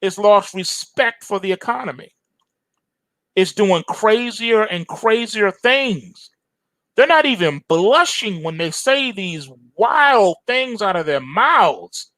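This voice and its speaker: A man's voice: sits high, very animated, slow, a bit bright, dry recording. A man hosting a trading show, giving an emphatic, preachy market commentary full of slang and repetition.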